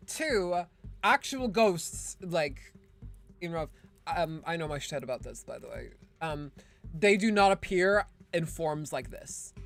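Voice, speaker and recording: A woman streaming a video game, giving casual, sarcastic commentary that rambles with lots of "like" and "um". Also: fairly low pitch. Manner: sarcastic, rambling, full of fillers like "like" and "um".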